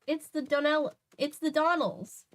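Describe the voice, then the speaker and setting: A woman's voice: high-pitched, fairly even intonation, a little slow, voice pushed up. A woman voicing a frantic middle-aged mother in a comical stage Irish accent, pleading.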